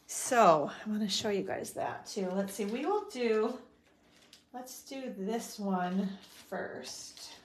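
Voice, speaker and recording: A middle-aged woman hosts a live stamping demo, chatting casually and rambling as she works, talking to herself with fillers and little laughs. Her mid-range voice is expressive and slow, with a little hiss or hum on the recording.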